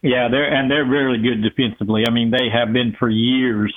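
A man, a sports radio co-host, speaking in a relaxed way with some fillers. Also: mid-range voice, fairly quick, a little hiss or hum. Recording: tinny phone line.

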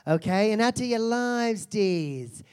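A crude, foul-mouthed self-help seminar guru in a live comedy act, a man putting her on. She mocks and insults her audience with theatrical scorn, in a voice pitched a touch higher than usual. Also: animated, takes it slowly, darkish tone, smooth. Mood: brash. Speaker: comedian performing a character. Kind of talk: live stand-up character act.

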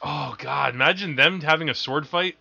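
A man's voice: fairly high pitch, moderate pace, creaky, bright, forceful tone. A man co-hosting a film podcast, rambling and correcting himself as he goes, often laughing at his own stories, on dull lo-fi audio. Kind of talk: casual chat about films.

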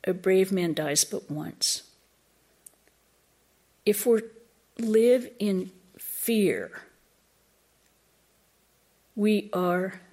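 A woman's voice: medium pitch, darkish tone. A woman giving a reflective spiritual talk as a lecturer, thoughtful and searching for words as she goes.

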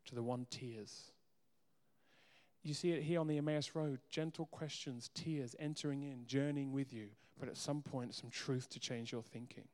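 A man preaching a sermon as pastor, earnest, moving between soft quiet asides and emphatic raised lines. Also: medium pitch, fairly even intonation, normal speed, hardly any pauses. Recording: long hall reverb.

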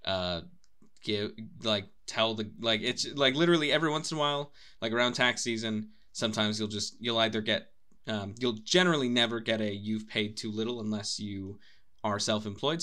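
A man's voice: on the low side, moderate pace, sharp tone. A young man casually chatting as a podcast co-host, rambling with lots of laughs and restarts. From United Kingdom.

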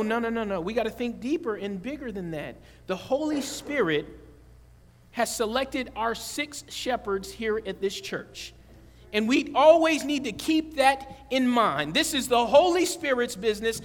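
A man preaches to his congregation in a strikingly high voice. He keeps it conversational, joking and asking them questions. His voice rings out with the long reverb of a large church sanctuary. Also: fairly bright tone. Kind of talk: sermon.

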